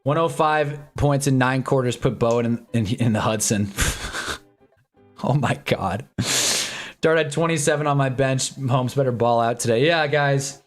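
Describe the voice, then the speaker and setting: A man's voice: medium pitch, unhurried. Young male streamer, casual game-day chat, jumpy reactions, faint music underneath. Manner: excitable, swings from mumbling to shouting at plays. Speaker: live stream host. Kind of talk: casual live sports watch-along chat.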